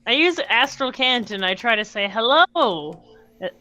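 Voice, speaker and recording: Bright lively woman playing a tabletop game. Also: on the high side, a little slow, dull audio. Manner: playful, chatty. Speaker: player. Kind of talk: playing a tabletop game over video call. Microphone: video call.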